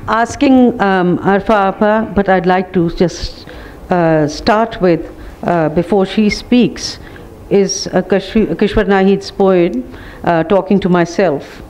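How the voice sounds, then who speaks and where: A woman's voice: medium pitch, slow, darkish tone, poor audio. A woman moderating a festival panel, who reads a poem aloud and then puts a question to a panelist. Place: festival stage before an audience.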